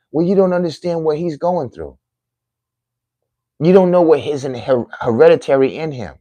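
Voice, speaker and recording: A man's voice: a little high, animated, moderate pace, dark tone, dry recording. Middle-aged man preaching to viewers. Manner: preachy, emphatic, repetitive phrasing. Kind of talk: heartfelt monologue to viewers.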